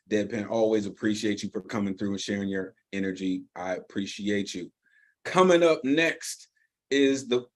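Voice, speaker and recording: A man's voice: lowish voice, a little mellow. A man hosting an online open mic over a video call, effusively thanking and introducing poets.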